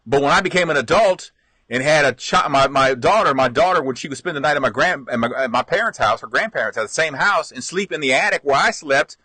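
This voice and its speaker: A man's voice: on the high side, fast, husky, dry recording. A middle-aged man hosting a stream, reminiscing in a rambling, casual way with frequent laughs and restarts. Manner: rambling, lively, laughs often, restarts a lot. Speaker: live stream host.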